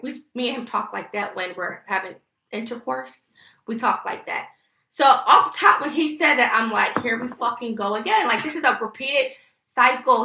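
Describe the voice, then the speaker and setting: Heated, gravelly-voiced woman venting to viewers. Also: fairly high pitch, bright, forceful tone. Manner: emphatic, heated, profane, addresses viewers directly. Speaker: vlogger. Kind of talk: casual venting storytime to viewers. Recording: echoey room.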